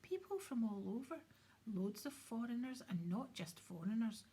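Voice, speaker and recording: A woman putting on a gruff, suspicious campsite keeper from a storybook. He asks blunt, prying questions in a raised voice. The voice is breathy and hushed. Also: fairly high pitch, very animated, moderate pace.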